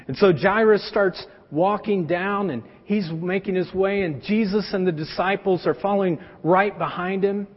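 A pastor preaching a sermon, telling the story in an animated, casual way with everyday slang. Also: male voice, high-pitched, moderate pace, hardly any pauses, husky. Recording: echoey hall, dull sound.

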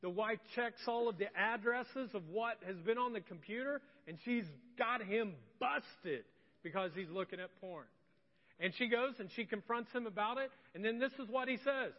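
Pastor, male, 30s, high voice, preaching in a reverberant church, slightly muffled sound. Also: normal speed. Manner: swings from hushed confessional to loud indignant. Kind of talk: sermon. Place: church sanctuary. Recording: echoey hall, slightly dull.

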